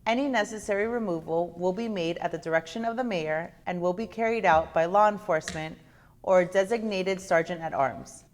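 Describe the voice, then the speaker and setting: A woman formally reading out the rules of conduct for a city commission meeting, measured and slowing down for code numbers. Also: lowish voice. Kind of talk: formal read-aloud announcement.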